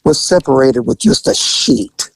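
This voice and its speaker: Gravelly, animated man telling stories. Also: mid-range voice, unhurried, a little hiss or hum, rough recording. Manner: animated, laughing, profane, acts out voices. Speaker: storyteller recounting undercover work. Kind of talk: casual conversational storytelling.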